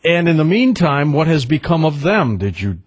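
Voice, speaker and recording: A man hosting a call-in radio show, quizzing callers in a lively, questioning way. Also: a little high, slight background noise. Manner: lively, questioning, quick to laugh. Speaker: radio talk show host.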